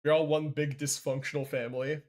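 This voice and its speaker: A man's voice: fairly high pitch, little pitch movement, fairly quick, crowd noise. A man streaming a game live, chatting casually and animatedly and laughing often.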